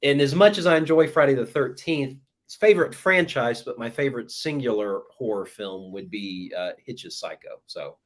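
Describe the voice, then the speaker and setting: Guest, man, relaxed chat delivery, mid pitch, trails off softly. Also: normal speed, few pauses. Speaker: guest horror writer. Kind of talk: casual interview chat.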